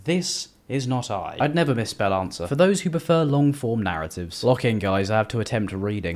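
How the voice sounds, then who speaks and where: Sarcastic man with a lively, swooping voice. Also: on the low side, a little fast, hardly any pauses. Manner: sarcastic and profane, with exaggerated mock voices. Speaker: reaction video host. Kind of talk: comedic commentary reading messages aloud.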